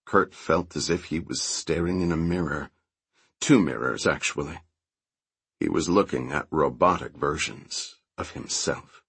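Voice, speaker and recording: A man narrating an audiobook with steady, even storytelling. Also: rumbling low, a little slow, husky, dry recording. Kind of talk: scripted narration.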